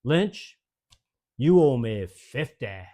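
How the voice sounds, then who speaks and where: A man's voice: medium pitch, lively intonation, very slow, mellow. An older man quoting a stern male drill sergeant, clipped and commanding.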